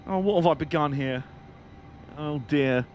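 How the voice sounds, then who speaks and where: Excitable man commentating a game. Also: on the high side, a little slow, slight background noise. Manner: excitable, jokey, mock-outraged chatter. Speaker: streamer.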